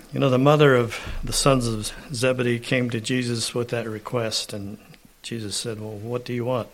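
A man preaching a sermon. He clears his throat often and reads scripture aloud with rising emphasis. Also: medium pitch, fairly even intonation, a little hiss or hum. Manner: slow, unhurried preaching with frequent throat clearing.

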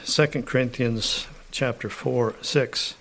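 A man delivers a sermon at a slow, deliberate pace, and his pitch sits in the middle range. He often pauses to clear his throat. When he reads scripture aloud, his emphasis builds. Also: steady tone, fairly bright tone, slight background noise. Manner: slow, unhurried preaching with frequent throat clearing. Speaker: preacher.

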